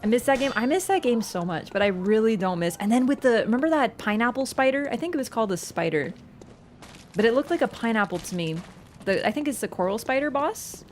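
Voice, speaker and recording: A young woman streamer giving chatty, excitable gameplay commentary, swearing and laughing often. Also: fairly high pitch, brisk, slight background noise.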